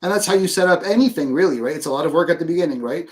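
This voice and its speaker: Animated man tagging talk with "right?". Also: a little high, racing. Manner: animated, peppers sentences with "right?". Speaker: educator guest. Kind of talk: casual interview talk. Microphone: video call.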